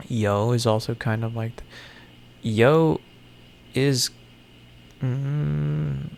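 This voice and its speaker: A man mutters and thinks aloud to himself in casual solo commentary. He talks slowly, with a gravelly, creaky voice and mid-range pitch, dropping sarcastic asides and offhand swearing. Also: fairly even intonation, a little mellow, slight background noise. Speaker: content creator. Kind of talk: casual solo commentary while puzzling something out.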